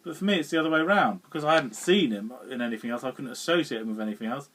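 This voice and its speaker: A man's voice: medium pitch, rapid-fire, a bit bright, far from the mic. A man giving a casual spoken film review, rambling along with frequent chuckles, fillers and restarts.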